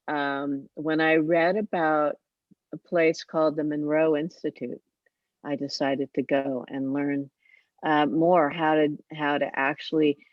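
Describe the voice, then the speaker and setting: An older woman speaking as an interview guest, reflective and halting, with pauses and fillers. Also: deep voice, dry recording. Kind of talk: casual interview talk. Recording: dull, dry lo-fi remote audio.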